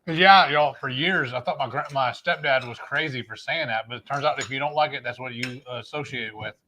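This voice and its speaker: A laid-back man, chatting casually on a live cooking stream. His voice is bright and tense. A faint hiss of noise sits behind him. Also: mid-range voice, fairly quick. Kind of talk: casual chat while eating.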